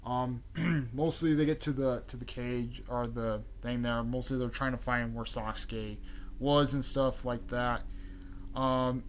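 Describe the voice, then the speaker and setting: A man hosting his channel, recapping a story in a casual, halting way with many fillers, repeated words and throat-clearing. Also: medium pitch, fairly even intonation, slight background noise. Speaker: channel host.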